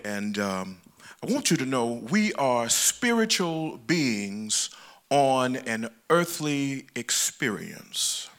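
Man preaching an animated sermon. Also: mid-range voice. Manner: animated, rising and falling emphasis with slowed key words. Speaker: lay preacher.

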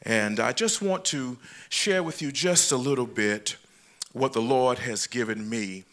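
Man preaching an animated sermon. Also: mid-range voice. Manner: animated, rising and falling emphasis with slowed key words. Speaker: lay preacher.

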